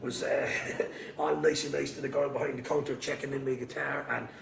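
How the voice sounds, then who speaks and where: A man's voice: mid-range voice, little pitch movement, a little fast, gravelly, echoey room, distant mic, a little hiss or hum. A man with an Irish accent hosting a casual chat, telling funny stories with swearing and laughter. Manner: anecdotal, swearing, laughing storyteller. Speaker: host.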